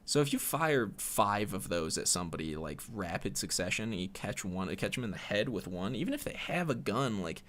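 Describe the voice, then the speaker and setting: Low-voiced guy on his solo podcast, swears a lot, rambles, voice goes up and down a lot. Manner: profane, rambling, sardonic. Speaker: podcast host.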